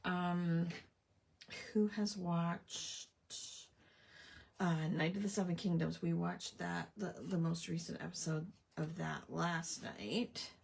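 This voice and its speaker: A woman's voice: lowish voice, fairly even intonation, slow, gravelly, a little mellow, husky. A woman hosting a casual livestream crafting chat, talking with friends and muttering to herself as she works. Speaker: craft show host.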